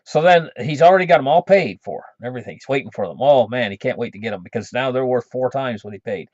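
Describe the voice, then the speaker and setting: On his channel, a host casually tells a folksy, rambling cautionary tale, chuckling often. His medium-pitched, darkish voice is animated and fast, with no echo, in a dull lo-fi recording.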